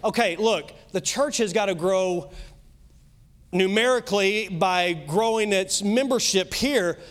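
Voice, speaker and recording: A man with a Kentucky accent preaching a sermon as pastor, emphatic, swinging between loud and soft, with quick asides. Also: high-pitched.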